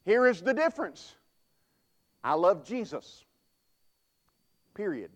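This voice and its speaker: High-voiced pastor preaching. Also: male voice, sing-song, takes it slowly, pauses often. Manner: folksy, emphatic, with repeated restarts. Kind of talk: sermon.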